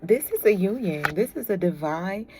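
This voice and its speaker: A woman's voice: medium pitch, lively intonation, normal speed, noisy background. A woman giving a casual tarot reading, chatty and laughing often as she talks to viewers. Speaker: tarot reader.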